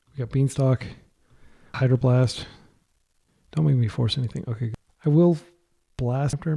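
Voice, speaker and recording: A man commentating his own online card game, thinking out loud in a soft, light voice that is worn from a long day of talking. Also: medium pitch. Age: adult, a parent.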